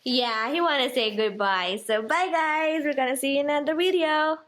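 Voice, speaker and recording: A woman's voice: sits high, normal speed, fairly bright tone, echoey room, poor audio. A young woman filming her pet parrot at home, coaxing and cooing at it in a giggly baby-talk voice. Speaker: parrot owner and vlogger. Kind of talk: casual vlog talking to a pet.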